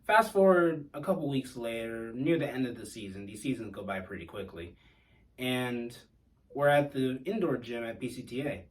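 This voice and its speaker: A man recounts a personal story in a relaxed, wry tone, poking fun at himself. His voice sits at an ordinary middle pitch. It comes across a little distant from the microphone. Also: normal speed. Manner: wry, self-deprecating humor.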